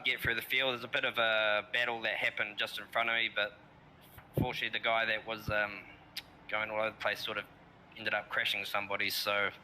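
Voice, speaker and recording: Kiwi guy racing sim, super bright voice, laid back and rambly, bit of hiss. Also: medium pitch, rough recording. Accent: New Zealand. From New Zealand. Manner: relaxed, rambling with fillers. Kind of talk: casual interview while racing.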